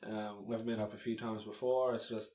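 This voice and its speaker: A man's voice: lowish voice, flat delivery, moderate pace, darkish tone. A man directing a small film project, talking casually in a group chat with lots of fillers. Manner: rambling with many fillers. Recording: echoey room with faint noise.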